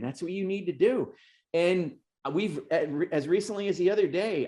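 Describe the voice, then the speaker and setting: A man hosting a racing podcast, talking in a rambling, emotional way and getting worked up as he goes. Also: a little mellow. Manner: emotional, rambling, pitch rising when worked up. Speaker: podcast host and race announcer. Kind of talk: casual podcast interview.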